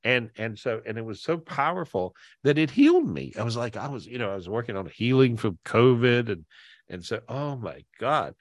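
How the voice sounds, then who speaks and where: A man's voice: mid-range voice, very animated, normal speed, dry recording. Brief: emotional male podcast host on a video call, teary, rambling, dry close sound. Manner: rambling, repeats himself, emotional.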